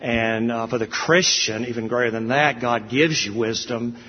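A man's voice: mid-range voice, normal speed, a little hiss or hum. A middle-aged man preaching a sermon as pastor, earnest and rising to emphatic peaks. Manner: earnest, builds to emphatic peaks, says "y'all". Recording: dull, echoey church hall.

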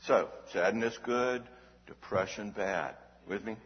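A man's voice: fairly low pitch, slow pace. A man giving an emphatic Christian teaching talk, asking rhetorical questions and checking in with "all right?". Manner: animated, emphatic delivery. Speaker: Christian speaker on emotional health. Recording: dull recording with long hall reverb.

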